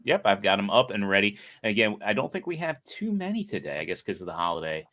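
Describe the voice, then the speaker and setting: A man co-hosting a casual podcast, explaining things in a relaxed, chatty way. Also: on the low side, fast, no echo. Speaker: co-host.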